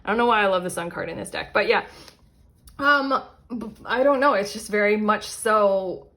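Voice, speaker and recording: A woman's voice: medium pitch, normal speed, a bit bright. A woman giving a casual pick-a-card tarot reading to her viewers, rambling with fillers and stopping to correct herself. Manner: rambling, self-interrupting, frequent fillers and asides. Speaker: tarot reader.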